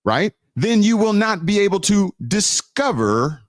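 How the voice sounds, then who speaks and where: Guy preaching on a live stream, pitch jumps all over, dry close sound, repeats himself for emphasis. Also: big pitch swings, dry recording. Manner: drawn-out emphasis with frequent fillers and restarts. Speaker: host of a live teaching stream. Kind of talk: live online teaching on law and scripture.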